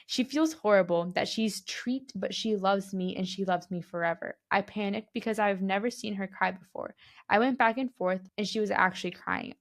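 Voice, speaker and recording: A woman's voice: mid-range voice, vocal fry. Chatty young woman podcast co-host. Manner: chatty, fillers like "like", reacts with disbelief. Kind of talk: casual chat, reading a story aloud.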